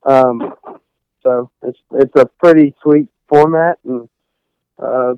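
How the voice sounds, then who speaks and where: Young man, smooth rambling voice. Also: medium pitch, steady tone, takes it slowly, no room sound, highs cut off. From Texas. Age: young adult. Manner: rambling, many fillers and restarts. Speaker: guest, college golfer. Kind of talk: casual interview chat.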